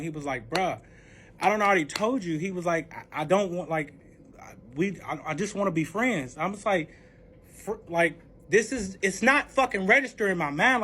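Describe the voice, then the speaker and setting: A young man with a high-pitched voice tells a personal story in a casual, rambling way. He swears constantly and leans on "like" as a filler. He drops to hushed recounting and then flares into heated outbursts. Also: moderate pace. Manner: rambling, profane, full of "like" fillers.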